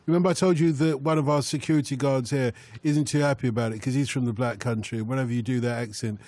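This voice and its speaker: A man's voice: medium pitch, steady tone, fast, a little mellow, dry recording. A man hosting a radio phone-in, teasing his guests and callers in a playful way. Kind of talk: bantering radio talk.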